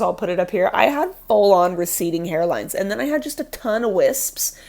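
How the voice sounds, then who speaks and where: A woman in her forties talks through a casual fitness vlog, rambling from one point to the next and laughing at herself. Her voice sits at a middle pitch and sounds congested and stuffy from a lingering cold. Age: 40s. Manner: rambling, self-deprecating, laughs often. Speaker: fitness vlogger.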